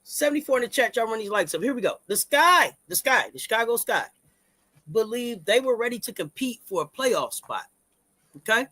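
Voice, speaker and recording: A man co-hosting a live-stream sports talk show, hyped and repetitive, shouting out the chat and stumbling through restarts. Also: extremely high pitch, expressive, a little fast.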